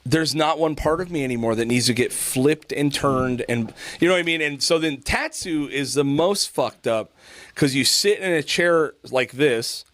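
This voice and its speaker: A middle-aged man hosting a podcast, telling a story in casual chat with animated delivery, lots of swearing and laughter. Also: on the high side, normal speed. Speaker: podcast host.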